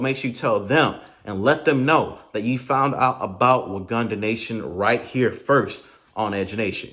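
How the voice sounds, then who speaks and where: Man, gun channel host, casual reaction talk, middle pitch, addresses viewer, animated. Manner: animated, talks straight to the viewer.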